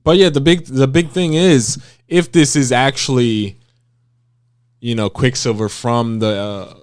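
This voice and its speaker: A young man co-hosting a casual podcast chat, talking in a relaxed, rambling way with frequent ums. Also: mid-range voice, unhurried, clear, resonant tone. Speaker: podcast co-host.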